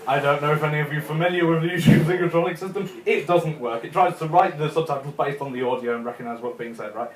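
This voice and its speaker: A man's voice: a little high, fast talker, few pauses. A young man doing a chatty stand-up set in a comedy club, chuckling at his own jokes. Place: comedy club room with a live audience. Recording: echoey club room.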